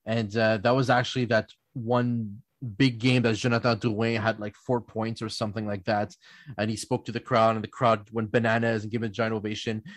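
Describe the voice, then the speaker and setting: A man, hosting a podcast and telling lively anecdotes between laughs, often slipping into playful voices for other people. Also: fairly low pitch, moderate pace, dry recording. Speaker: podcast host. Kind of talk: casual storytelling chat.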